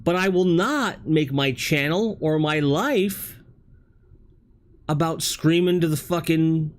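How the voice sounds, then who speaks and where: A man's voice: fairly high pitch, slow. A man hosting a livestream talk show, speaking candidly in a rambling way and swearing casually. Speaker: host.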